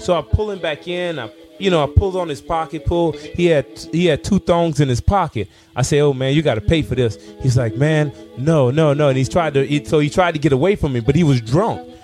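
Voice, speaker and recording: A shop owner tells wild stories from his store, his voice sitting a little high for a man. He talks in bursts, restarting and repeating himself as he goes. Faint music plays underneath. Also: fairly quick, hardly any pauses. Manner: animated anecdotes with repeated restarts. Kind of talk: casual storytelling.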